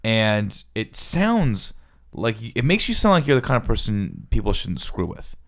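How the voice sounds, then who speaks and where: A young man from Southern California, co-hosting a casual podcast chat in quick, chatty bursts. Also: lowish voice, big pitch swings, gravelly. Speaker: podcast co-host.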